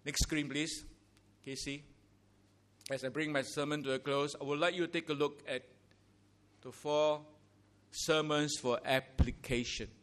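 Emphatic pastor preaching. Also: male voice, on the high side, fairly even intonation, unhurried, pauses often. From Singapore. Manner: emphatic preaching with rhetorical questions and rising declarations. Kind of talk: sermon. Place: church sanctuary.

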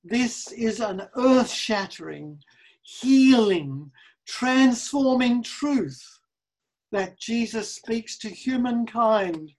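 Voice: medium pitch, animated, drawn-out words, a little mellow. A pastor preaching a sermon, earnest and emphatic, with repeated phrases.

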